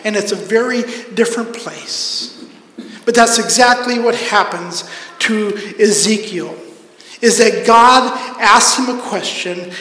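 A man's voice: sits high, fairly bright tone, a little hiss or hum. A man preaching a sermon as pastor, earnest, acting out the voices in the scripture he reads. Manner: earnest, acts out voices of God and prophet. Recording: echoey hall.

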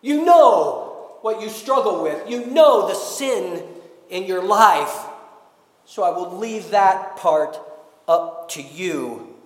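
A man preaching a sermon as pastor, emphatic, with slow deliberate phrasing. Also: high voice, expressive, roomy sound, in a large hall.

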